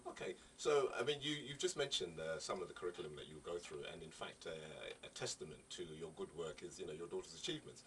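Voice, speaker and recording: A man's voice: low voice, lively intonation, fast, hardly any pauses, fairly bright tone. A male interviewer who asks long, hesitant questions full of ums and restarts. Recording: distant mic with faint ambient noise.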